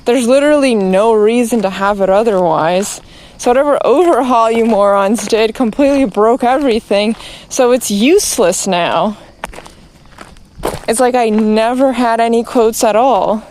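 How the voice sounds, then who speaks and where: A woman's voice: fairly high pitch, moderate pace, darkish tone, a little hiss or hum. A woman streamer ranting, exasperated and profane, rambling along with many restarts. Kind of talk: ranting to camera.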